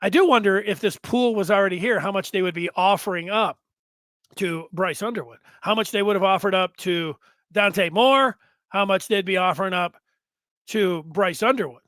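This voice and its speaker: A man hosting a sports show, talking through his opinions in a rambling, animated monologue full of self-corrections. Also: sits high, normal speed, dry recording. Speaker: sports podcast host. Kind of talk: casual sports commentary monologue.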